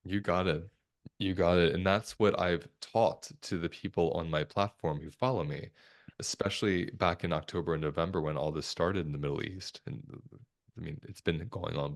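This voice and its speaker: Deep gravelly-voiced man speaking calmly. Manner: calm, reflective, measured. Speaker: podcast guest, somatic therapist. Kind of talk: conversational interview talk.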